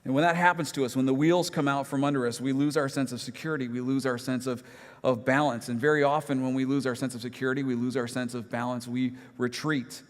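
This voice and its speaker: A man's voice: mid-range voice, steady tone, fast, big-room sound. A man preaching a sermon, telling a personal story in a conversational, self-deprecating way with humorous asides. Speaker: pastor. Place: church sanctuary.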